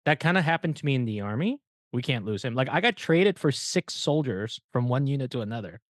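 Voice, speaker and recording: A man's voice: medium pitch, sing-song, brisk, no echo. Young man, guest, casual storytelling, swears a lot, laughs mid-story, dry close sound. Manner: profane, ranting, laughs while telling stories. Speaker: podcast guest.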